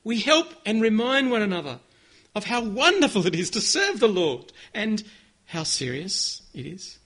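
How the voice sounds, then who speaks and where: A man delivers a sermon in a high, bright voice. He speaks with earnest conviction and leads his listeners in a call-and-response. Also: very animated, normal speed. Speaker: pastor.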